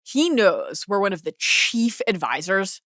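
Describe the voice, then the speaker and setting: A woman co-hosting a TV recap podcast, talking in an animated way full of quick asides. Her bright voice swings widely in pitch. The sound is dry and close. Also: no room sound. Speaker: podcast co-host. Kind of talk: casual TV recap chat.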